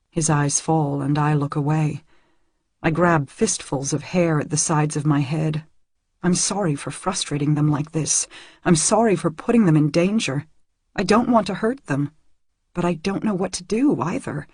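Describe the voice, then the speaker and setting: A woman reads a first-person novel aloud in soft, intimate and hushed tones. Her voice is husky and breathy. The recording is dry, with no room around it. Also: deep voice, normal speed, no echo. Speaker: audiobook narrator.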